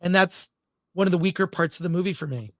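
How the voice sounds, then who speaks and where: A man's voice: sits high, quick pace, a bit bright, no room sound, clean studio sound. A man co-hosting a film podcast in casual, opinionated chat, reading out live chat comments as he goes. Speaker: podcast co-host.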